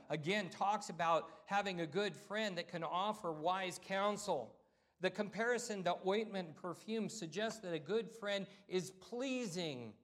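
A man's voice: high-pitched, a bit bright. A middle-aged man, a pastor, preaching a sermon in a conversational way, repeating himself and calling out "amen" to the congregation. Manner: conversational preaching with repetitions and call-outs.

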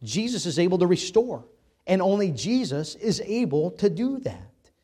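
Animated preacher delivering a sermon. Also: male voice, high voice, normal speed, husky. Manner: emphatic, dramatic, swinging from loud to soft; reads scripture aloud. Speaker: pastor.

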